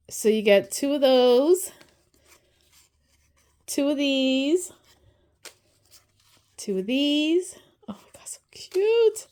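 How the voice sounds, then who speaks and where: A woman hosting an unboxing video, gushing and excited, sometimes dropping to a soft whisper as she opens items. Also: a little high. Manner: gushing, excitable, often says "so stinking cute". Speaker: unboxing channel host. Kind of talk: casual unboxing narration.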